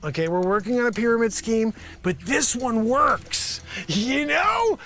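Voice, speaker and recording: A man doing an improvised comedy monologue, rambling and animated, sometimes shouting. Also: very high voice, unhurried. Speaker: comedian host. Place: home studio with green screen.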